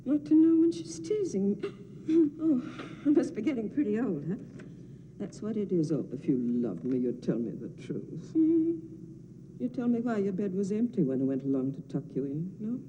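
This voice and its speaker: An actress playing an older nurse in a film drama, scolding and doting by turns with a fretful, sing-song lilt. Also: female voice, medium pitch, sing-song, moderate pace, big-room sound, highs cut off, noisy background, lightly acted. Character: fussy old nurse, scolding yet doting.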